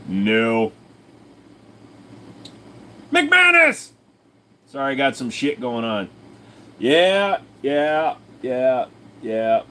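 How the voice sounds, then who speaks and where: A man's voice: mid-range voice, expressive, slow pace, slight background noise. A man hosting a casual livestream from home, answering chat questions in a crude, jokey way and often breaking into silly voices. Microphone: desk microphone.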